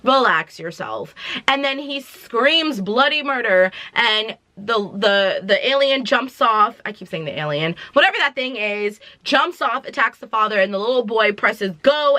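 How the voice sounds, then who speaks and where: A young woman vlogger giving a casual movie review, retelling the plot in an animated, dramatic way with slangy asides. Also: medium pitch, dry recording.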